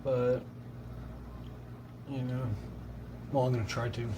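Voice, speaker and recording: Slow, flat-voiced man in an echoey room. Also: mid-range voice, background noise. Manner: slow, flat, laconic interjections. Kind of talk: casual chat.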